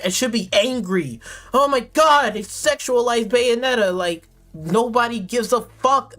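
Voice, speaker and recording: Man, high-pitched, gaming streamer, sarcastic, exasperated, swearing, rambling. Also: fairly bright tone. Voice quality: profane, exasperated, rambling with many fillers. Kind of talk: sarcastic ranting commentary.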